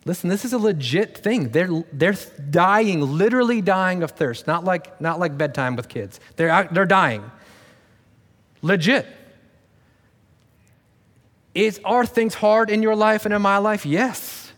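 A man's voice: sits high, animated, measured pace, a bit bright. Man preaching a casual sermon in a reverberant hall. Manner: conversational and self-deprecating, with sarcastic asides. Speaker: pastor. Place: church sanctuary. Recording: long reverb of a large room.

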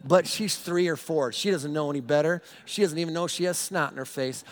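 A middle-aged pastor with a notably high voice delivers a storytelling sermon. He is animated and self-mocking, tripping over and repeating words as he builds to his point. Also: brisk.

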